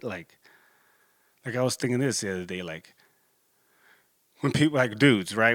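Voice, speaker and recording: A man's voice: lowish voice, a bit bright, dry recording, clean studio sound. A man, rambling casually and profanely with lots of fillers in a solo monologue. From Corpus Christi, Texas. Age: 30s. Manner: laid-back, profane, rambling with many fillers. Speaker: vlogger.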